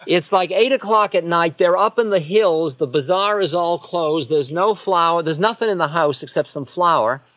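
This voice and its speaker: A man, a spiritual teacher, telling unhurried rambling anecdotes with soft trailing asides. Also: on the high side, no echo. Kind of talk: storytelling talk.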